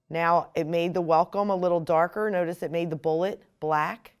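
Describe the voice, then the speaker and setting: A woman explaining software step by step in a screen-recorded tutorial. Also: fairly low pitch, fairly even intonation, normal speed, hardly any pauses, clear, resonant tone. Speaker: software instructor.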